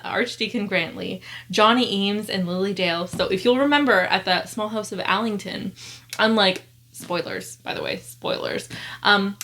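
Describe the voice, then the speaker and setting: A woman's voice: medium pitch, a bit bright. A woman book vlogger at home, chatting casually and reading book blurbs aloud, with lots of fillers and self-corrections. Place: at home among piles of books.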